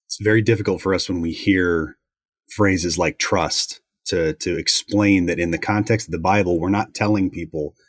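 Deep-voiced man explaining scripture. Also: fairly even intonation, dry recording, studio quality. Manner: measured, explanatory. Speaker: Bible teacher. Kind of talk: conversational Bible discussion.

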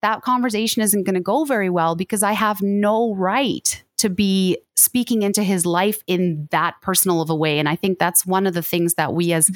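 A woman's voice: medium pitch, steady tone, normal speed, few pauses, no echo, studio quality. A woman guest on a podcast, speaking earnestly and pleadingly in long flowing runs. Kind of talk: earnest interview conversation.

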